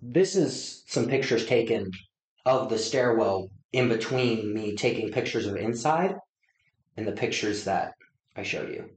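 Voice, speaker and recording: A man hosting a podcast in casual chat, telling stories with lively acted-out reactions, recorded on location inside an old hospital. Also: lowish voice, measured pace. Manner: animated storyteller, acts out his own reactions. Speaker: podcast host. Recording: echoey room in an old building.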